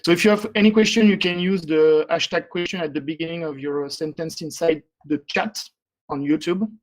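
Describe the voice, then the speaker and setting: A man introducing a tech meetup's talks, pausing often with fillers. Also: fairly high pitch, rough recording. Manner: hesitant, many fillers. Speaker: meetup host. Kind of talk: casual event introduction.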